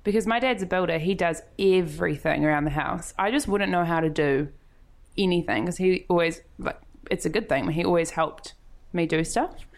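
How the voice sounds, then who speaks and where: A woman's voice: on the low side, moderate pace, gravelly. A young woman in a casual chat, giggly and self-deprecating.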